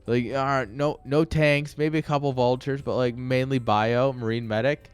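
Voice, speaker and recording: A man's voice: medium pitch, fairly even intonation, moderate pace, smooth, faint music behind. A man casually commentating a live video game match, ranting and joking while chatting with viewers. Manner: rambling, ranting, jokey, chats with viewers. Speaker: esports caster and streamer.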